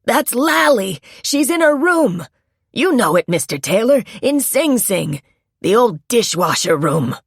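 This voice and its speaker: A woman's voice: fairly low pitch, big pitch swings, takes it slowly, husky, no echo, studio quality, exaggerated voice. A woman voicing a frantic, scrappy street woman who pleads urgently in an audiobook. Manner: urgent, shrieking pleas.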